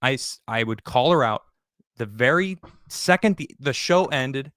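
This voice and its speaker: A man recounting events in a frank, profane, conversational way, often stopping and restarting his sentences. His voice sits at a middle pitch. The recording is close and dry, with no room sound. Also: lively intonation, a bit bright, no room sound. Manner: blunt and profane, halting restarts. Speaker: podcast guest recounting his exit from a show. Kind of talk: candid conversational storytelling.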